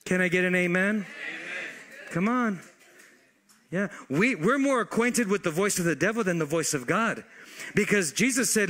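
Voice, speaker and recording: A man preaching a sermon, calling for responses from the congregation and shifting his pace and loudness. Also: high voice, expressive, moderate pace. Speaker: pastor.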